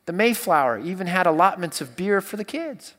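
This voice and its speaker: A man's voice: sits high, expressive, fairly quick, fairly bright tone, big-room sound, slight background noise. A man who is a college pastor, telling a story in casual talk, rambling with many restarts.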